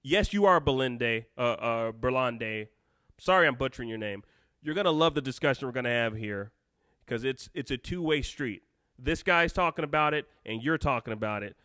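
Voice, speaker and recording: A man hosting an unscripted live stream, rambling and excitable, with lots of restarts as he reads out viewer chat. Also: medium pitch, normal speed, dry recording, clean studio sound.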